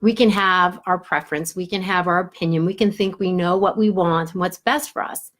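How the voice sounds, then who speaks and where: A woman spiritual teacher tells a fable and draws a lesson from it. She talks casually, using everyday turns of phrase and fillers. Her voice sits on the low side. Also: steady tone, fairly quick, a bit bright. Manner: casual and conversational, with "he goes" and fillers. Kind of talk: inspirational storytelling talk.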